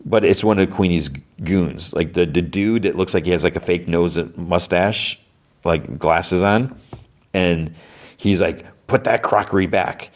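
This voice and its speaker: A man's voice: low voice, measured pace. A man hosting a podcast, recapping a cartoon episode in a rambling way full of fillers. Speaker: podcast host.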